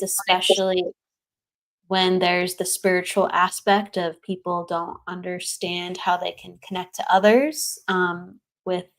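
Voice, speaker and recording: A woman hosting a spiritual live stream, greeting viewers by name in a bubbly way and laughing often. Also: fairly low pitch. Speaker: host.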